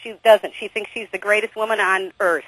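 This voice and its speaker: Woman, radio caller, bright tense voice, husky edge, wry jokes. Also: mid-range voice, steady tone, no echo, low-quality recording. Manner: wry, quick with a punchline. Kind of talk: joking call-in banter.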